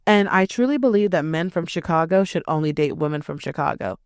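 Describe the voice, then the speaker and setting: A woman's voice: low voice, lively intonation, fairly quick, clean tone, no room sound, clean studio sound. A young woman hosting a podcast, telling a personal story in a blunt, profane, emphatic way. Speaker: podcast host. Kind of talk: casual storytelling.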